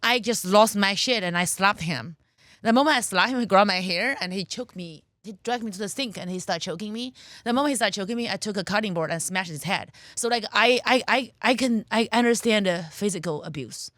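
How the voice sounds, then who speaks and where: A woman's voice: mid-range voice, fairly quick, a bit bright, dry recording, studio quality. A woman in her thirties from China, with a Chinese accent, telling her life story bluntly as a comedian guest on a podcast. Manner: candid, blunt storytelling with frequent restarts.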